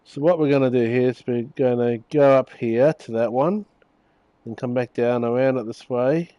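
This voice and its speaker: A man's voice: mid-range voice, moderate pace, no echo, muffled recording. A man giving casual, chatty commentary while playing a game and teasing viewers by name. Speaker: gaming streamer.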